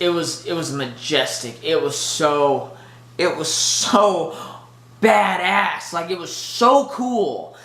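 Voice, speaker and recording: A man giving an excited, rambling movie review, full of fillers and restarts. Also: high-pitched, roomy sound.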